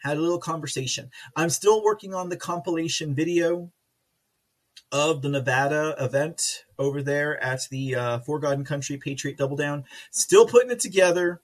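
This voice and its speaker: Texan man, livestream host; loose, self-mocking chatter, light laughing, slightly high pitch. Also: normal speed. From Texas. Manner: giggly, rambling, self-mocking. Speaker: livestream host reading chat. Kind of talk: casual live commentary.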